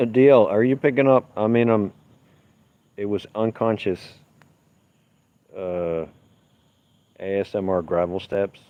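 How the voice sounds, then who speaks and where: Easygoing male livestream host, very low voice, rambling chat answering viewers, dull phone audio. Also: steady tone, slow pace, pauses often. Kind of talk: casual live-stream chat, reading viewer comments. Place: outdoors at night on gravel.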